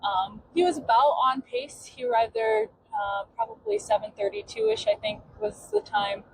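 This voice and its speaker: A woman's voice: extremely high pitch, very animated, moderate pace. Chatty woman recounting, noisy background. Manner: chatty, loose recounting with many "um" fillers. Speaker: podcast host. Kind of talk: casual podcast storytelling. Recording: clear background noise.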